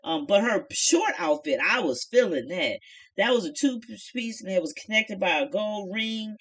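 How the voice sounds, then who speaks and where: A woman's voice: medium pitch, lively intonation, normal speed, fairly bright tone. A middle-aged woman casually chatting through a reality show review in a folksy, opinionated way.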